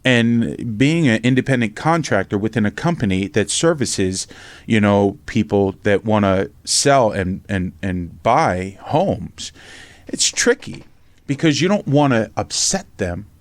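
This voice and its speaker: A middle-aged man from Pennsylvania telling his life story in a casual interview, animated and blunt, swearing freely and acting out the voices in his tales. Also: fairly low pitch, unhurried, no room sound. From Norristown, Pennsylvania, USA. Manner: animated storyteller, acts out quotes, swears freely, says "right?" often. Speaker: podcast host and memoir author.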